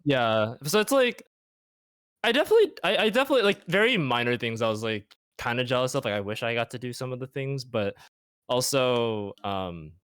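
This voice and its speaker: A young man speaking as an interview guest in casual chat, reflective and halting, leaning heavily on "like.". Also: medium pitch, expressive, a bit bright, clear, resonant tone, dry recording, clean studio sound. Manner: reflective, halting, heavy use of "like".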